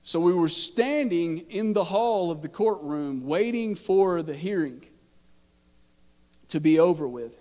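A man, a pastor telling a story in his sermon and building from quiet narration to impassioned preaching. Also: on the high side, lively intonation, unhurried, in a large hall. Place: church sanctuary.

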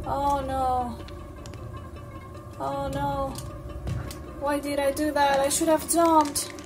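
Jumpy high-voiced woman playing a horror game. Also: level tone, takes it slowly, distant mic, music in the background. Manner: jumpy, frightened exclamations and swearing. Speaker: gameplay streamer. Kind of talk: horror game let's play commentary.

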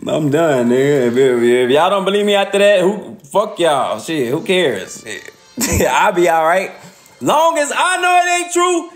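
A man ranting casually on a livestream, profane and laughing often. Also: high voice.

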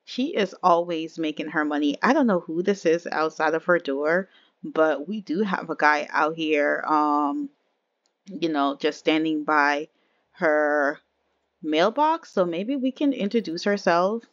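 A woman's voice: deep voice, measured pace, dry recording, muffled recording. A woman giving casual, chatty let's-play commentary on a life-simulation game, talking straight to her viewers. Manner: chatty, addresses viewers as y'all. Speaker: game streamer.

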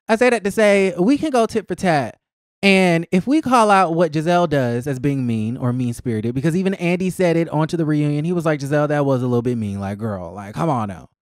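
Animated, high-voiced male vlogger. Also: no room sound, clean studio sound. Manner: animated and outspoken, swearing freely. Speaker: host. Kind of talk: casual commentary vlog.

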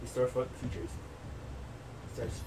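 Excitable rambling young man, distant mic. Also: slow. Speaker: gaming channel host. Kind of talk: casual chat over gameplay. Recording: distant mic with clear background noise.

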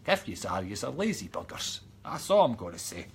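A man's voice: mid-range voice, sing-song, brisk, vocal fry, a little hiss or hum. A Scottish man chatting casually on a live stream, reading out viewers' comments and going off on joking rants, now and then dropping to a mock whisper. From Scotland. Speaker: psychic medium reading live chat comments.

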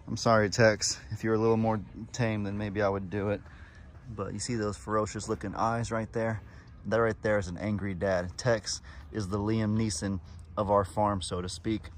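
A man's voice: lowish voice, flat delivery, normal speed, a little hiss or hum. A man vlogging outdoors on a farm in a casual, chatty way, cooing fondly at the animals in a baby voice. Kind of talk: casual chat to camera.

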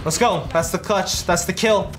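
A young man commentating his own gameplay, loud and excitable, yelping and joking as he gets shocked. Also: high voice, moderate pace, background noise. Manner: loud, excitable, yelps and jokes under shocks. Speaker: gaming YouTuber.

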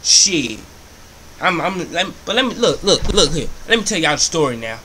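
A young man spins a comic rant about his grandmother's house, swearing constantly and repeating himself for effect. His voice is fairly high and bright, with a forceful edge. His delivery is animated and heavy on profanity. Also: moderate pace, slight background noise. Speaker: comedy vlogger.

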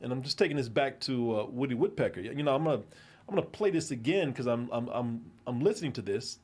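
A man's voice: medium pitch, lively intonation, fast, darkish tone, slightly rough. A man hosting an interview, chatting casually and enthusiastically with his guest and complimenting him. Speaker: interview host.

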